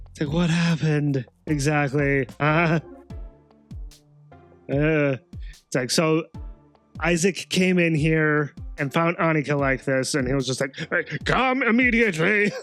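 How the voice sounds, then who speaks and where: A man hosting a let's play, commenting casually on gameplay, chuckling often and halting with fillers. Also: fairly high pitch.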